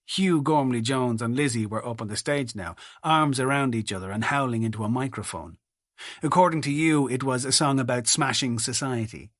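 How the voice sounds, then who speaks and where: A man's voice: mid-range voice, moderate pace, no echo. Wry, dry-voiced male audiobook narrator. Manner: wry, dry-humoured storytelling. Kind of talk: first-person audiobook narration.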